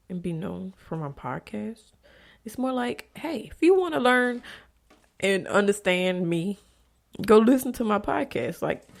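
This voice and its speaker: A young adult woman hosting her own podcast, talking candidly and bluntly about her life, with frequent profanity and stretches where she drops to a soft whisper. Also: mid-range voice. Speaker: podcast host. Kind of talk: candid confessional monologue.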